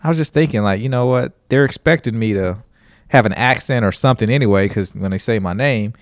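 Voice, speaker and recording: A man from Alabama with a Southern accent, a stand-up comedian guesting on a casual podcast, telling animated stories and chuckling often. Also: medium pitch, brisk, no echo, clean studio sound.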